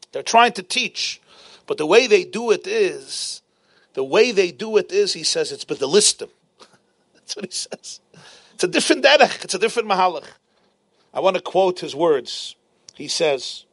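A man teaching a Talmud lesson as an animated storyteller, driving points home through repetition. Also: high-pitched, normal speed, gravelly, no room sound. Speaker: Torah teacher.

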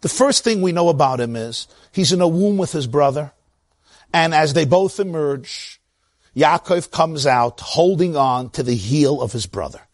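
A man with a Brooklyn accent giving an animated Torah lecture, acting out the voices in the stories he tells. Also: on the high side, unhurried, dry recording, studio quality. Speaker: teacher of Torah.

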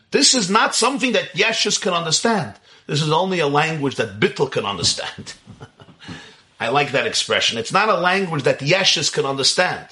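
Man, religious lecture on kabbalah, somewhat high voice, bright and forceful, animated, rhetorical questions. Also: moderate pace. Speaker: teacher of Kabbalah.

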